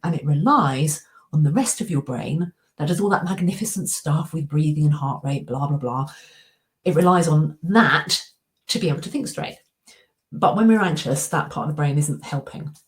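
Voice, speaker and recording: Using slides, a middle-aged anxiety coach and speaker delivers a coaching talk, voicing her inner dialogue as part of a story. She sounds low-pitched, with lively intonation and a moderate pace.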